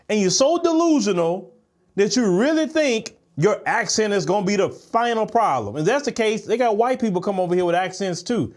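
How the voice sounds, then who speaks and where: High, animated man lecturing with indignation. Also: moderate pace. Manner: indignant, lecturing, swings between high exclamations and low growls. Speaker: commentator reacting to clips. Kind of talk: heated reaction commentary.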